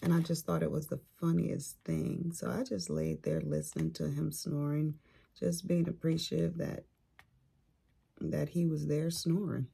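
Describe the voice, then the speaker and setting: Gravelly older woman chatting slowly. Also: low-pitched, flat delivery, mellow. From California. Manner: chatty storyteller, informal grammar. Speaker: crafting vlogger. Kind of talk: casual chat while crafting.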